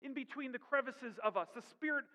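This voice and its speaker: A man's voice: very high-pitched, brisk, bright, forceful tone. A man preaching a sermon as pastor, with emphatic rhetorical questions. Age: adult with young daughters. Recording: dull sound with long hall reverb.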